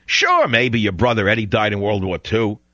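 A man's voice: lowish voice, wildly swooping pitch, moderate pace, pushed and bright, no room sound, lo-fi sound, pitched below the performer's own voice, exaggerated voice. A man putting on the voice of an arrogant, contemptuous male judge, sneering and haughty.

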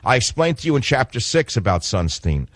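A man's voice: medium pitch, big pitch swings, brisk, fairly bright tone, no room sound, clean studio sound. A man hosting a political radio talk show, speaking in an emphatic monologue that repeats and stresses key phrases.

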